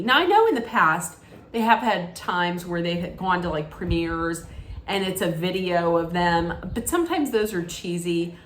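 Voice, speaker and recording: A woman's voice: mid-range voice, a little hiss or hum. Gushing woman in an echoey room. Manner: gushing, with frequent ums and restarts. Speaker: TV recap vlogger. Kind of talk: casual chatty recap.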